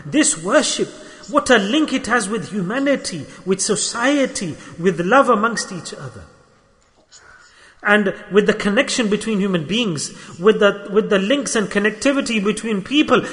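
Male preacher, fervent storyteller, bright edgy voice, reverberant hall. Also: sits high. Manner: fervent, storytelling, repetitive exclamations. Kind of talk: sermon.

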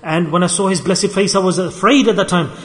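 A man telling a story as a sermon, passionate and rising to anguished pleas, then dropping to soft, hushed asides. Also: high voice, brisk, long reverb tail. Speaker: preacher.

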